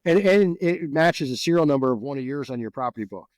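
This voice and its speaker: A man's voice: a little high, fast talker, no echo. A middle-aged man from New Jersey, a veteran guest, telling stories casually with lots of swearing and repeated words. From New Jersey, USA. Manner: profane, animated, repeats words. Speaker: guest, Green Beret veteran. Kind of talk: casual storytelling.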